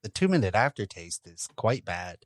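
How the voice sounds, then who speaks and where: A man with a fairly low voice, speaking in casual podcast chat, dry and descriptive. The sound is close and dry. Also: big pitch swings, moderate pace, no room sound. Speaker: podcast co-host.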